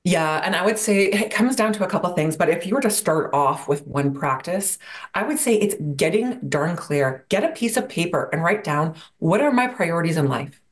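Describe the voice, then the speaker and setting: A woman's voice: fairly low pitch, lively intonation, moderate pace. A woman guest on a podcast, talking about burnout in a reflective coaching manner and posing rhetorical questions. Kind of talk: interview answers.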